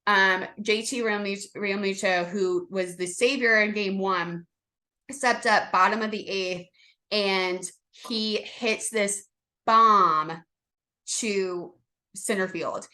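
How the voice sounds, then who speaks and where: A woman co-hosting a casual sports chat podcast, rambling and excitable, with lots of fillers and restarts. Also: medium pitch, slow pace. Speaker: podcast co-host.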